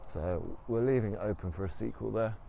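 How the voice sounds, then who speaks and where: A man with a low, gravelly voice retells a story at an unhurried pace. He rambles, restarts and fills gaps with ums. A faint hiss sits under the recording. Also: mellow. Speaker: podcast storyteller.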